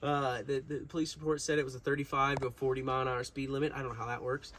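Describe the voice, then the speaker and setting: A man's voice: medium pitch, level tone, racing, a bit bright, a little hiss or hum. A young man telling a long story to his viewers in a casual, rambling way, full of fillers and restarts. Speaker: vlogger.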